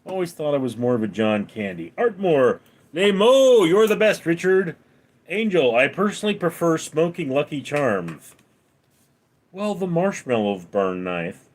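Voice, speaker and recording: Male streamer, up late, reads chat slowly and fires back dry quips; a fairly high voice that swings widely in pitch. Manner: deadpan quips between read-out comments. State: up late at night. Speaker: livestream host reading chat. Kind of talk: casual live-stream chat reading.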